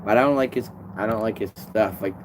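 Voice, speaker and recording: A man's voice: on the low side, fairly quick, a little hiss or hum. A man chatting casually on a live stream, rambling and swearing freely as he answers viewers' comments. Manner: rambling, swears a lot, restarts sentences. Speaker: tree climber streaming to viewers.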